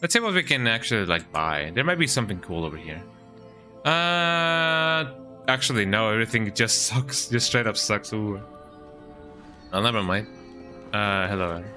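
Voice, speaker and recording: Male streamer, casual play-by-play, bright, lively voice, keeps saying "eh?". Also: lowish voice, normal speed. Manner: chatty, reacts as he goes, tags lines with "eh?". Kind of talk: casual gameplay commentary. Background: game music.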